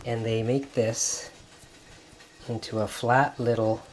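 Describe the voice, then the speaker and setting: A man hosting a cooking video in a home kitchen, gently narrating each step as he works. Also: mid-range voice, flat delivery, slow. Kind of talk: cooking demonstration.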